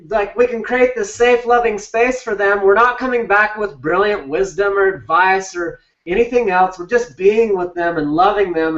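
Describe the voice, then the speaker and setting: The voice is high-pitched, fairly bright, and reverberant: a male relationship coach talking live on a group call, emphatic and blunt, casually swearing. His video-call audio is distant, dull, and lo-fi.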